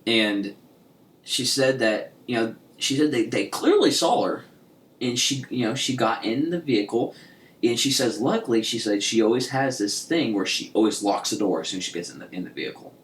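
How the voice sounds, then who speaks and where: A man's voice: medium pitch, expressive, normal speed. A man co-hosting a podcast, chatting casually and rambling through stories with lots of restarts and laughs. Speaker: podcast co-host. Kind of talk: casual chat. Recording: echoey room with faint hiss.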